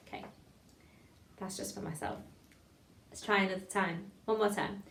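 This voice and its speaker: Encouraging voice coach, woman, speaks phrases slow and crisp for students, echoey room. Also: mid-range voice, lively intonation. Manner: encouraging, models phrases slowly and clearly. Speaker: voice and drama teacher. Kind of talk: online voice warm-up lesson.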